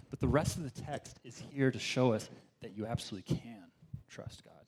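A man preaching a sermon in a relaxed, conversational way, with asides to the congregation and quoted voices. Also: mid-range voice, normal speed, slightly rough. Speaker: pastor.

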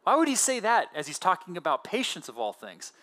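Bright, animated man preaching a sermon. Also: sits high, a little fast. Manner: conversational, animated preaching with casual fillers. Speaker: pastor.

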